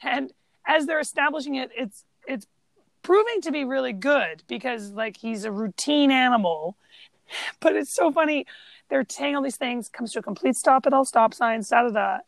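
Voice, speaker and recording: A woman's voice: sits high, expressive, normal speed, gravelly, dry recording. A woman co-hosting a casual film chat, enthusiastic about the scenes she describes. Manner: enthusiastic, laughs easily. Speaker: podcast co-host.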